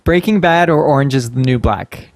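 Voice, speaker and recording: A man hosting a casual interview podcast, playful and quick to laugh. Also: medium pitch, no echo. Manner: playful, laughs often, acts out story voices. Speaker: podcast host.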